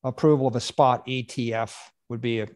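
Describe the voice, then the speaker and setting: A male moderator on a conference panel, putting his points one by one with emphasis. His voice sits at a middle pitch. The sound is dry. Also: steady tone, brisk, a little mellow, no room sound.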